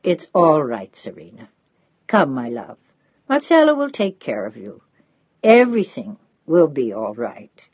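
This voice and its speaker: A woman's voice: a bass voice, wildly swooping pitch, a little slow, husky, dry recording, lo-fi sound, heavily acted. A woman reading the part of an elderly Italian housekeeper, devoted and motherly, in a pleading, insistent manner. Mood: tender.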